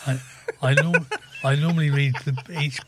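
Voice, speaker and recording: A man co-presenting on community radio, reading the news and dryly grumbling about books in a deadpan way. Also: on the high side, moderate pace, very noisy. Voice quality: husky. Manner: dry, fussy, deadpan. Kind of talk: casual radio chat.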